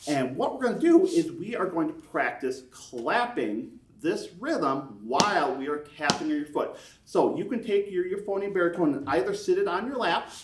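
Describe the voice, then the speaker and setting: A man teaching beginners a brass lesson step by step, counting beats aloud and encouraging them. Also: a little high. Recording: echoey room, mic at a distance.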